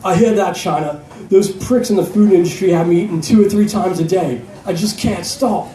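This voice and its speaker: A man's voice: high voice, moderate pace, warm tone, natural voice. A man voicing a gregarious, crude male mercenary sniper with a Rhodesian accent, in a live story reading. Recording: echoey room from a distance.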